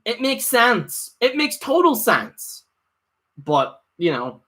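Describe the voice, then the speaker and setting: A man's voice: extremely high pitch, very animated, takes it slowly, bright, forceful tone. A man giving a casual, opinionated live review, rambling with lots of fillers and restarts. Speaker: wrestling show reviewer.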